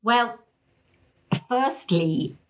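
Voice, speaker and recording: A woman with a South African accent, a guest on a podcast interview, telling her story in an expressive, emphatic way. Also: fairly high pitch, drawn-out words, highs cut off.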